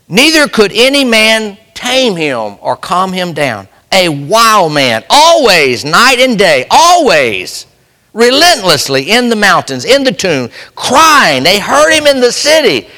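A man's voice: sits high, sharp tone. A man preaching a sermon with passion, putting rhetorical questions to the congregation. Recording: long hall reverb.

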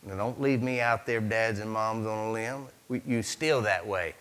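A middle-aged man preaching a sermon, telling the story dramatically and acting out the voices, swinging from hushed near-whispers to shouts. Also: lowish voice, moderate pace.

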